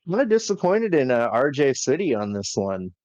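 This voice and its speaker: A man's voice: medium pitch, very animated, a little fast, darkish tone, dry recording. A man hosting a casual wrestling review chat, recapping unhurriedly with many fillers. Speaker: podcast host. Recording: slightly dull lo-fi recording.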